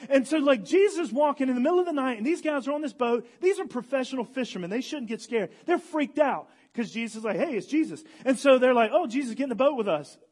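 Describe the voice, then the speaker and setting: A man's voice: very high voice, fast talker, hardly any pauses, breathy edge. A young man giving a casual, joking sermon as a guest speaker, acting out the people in the story as he retells it. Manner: animated, joking storyteller, acts out quotes.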